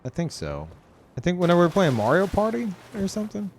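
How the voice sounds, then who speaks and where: A man's voice: high voice, wildly swooping pitch, fast talker, a little hiss or hum. Rambling, profane male streamer. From Louisiana, US. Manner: rambling, profane, many restarts. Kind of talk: casual live-stream chat.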